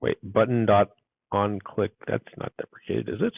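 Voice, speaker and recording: A man with a low, gravelly voice, teaching a coding class and working through each step out loud. His muttered asides sound dry and tinny, as if picked up over a phone line. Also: level tone, normal speed, no echo. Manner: thinks aloud, muttering asides. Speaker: university instructor. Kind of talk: live coding lecture.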